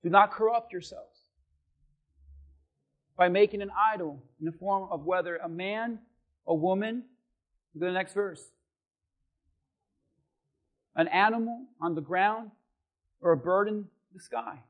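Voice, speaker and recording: High-pitched male pastor preaching with shouted punches. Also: unhurried, long pauses, phone-quality sound. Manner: preachy, rising to shouted emphasis. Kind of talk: sermon.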